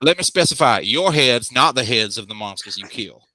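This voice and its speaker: A man voicing a brusque, impatient wealthy businessman in a tabletop game, speaking in a gruff, dismissive way. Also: mid-range voice, expressive, moderate pace, sharp tone.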